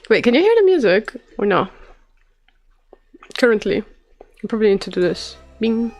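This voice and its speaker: A woman's voice: a little high, big pitch swings, unhurried, a little mellow, no echo. A young woman chatting casually while streaming a game, giggly and rambling with self-deprecating asides.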